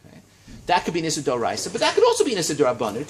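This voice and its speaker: A man teaching a Talmud class in a study hall, lecturing in a lively way and checking in with his students. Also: fairly high pitch, very fast, a little hiss or hum. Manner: animated, lively teaching with frequent check-ins and rising emphasis.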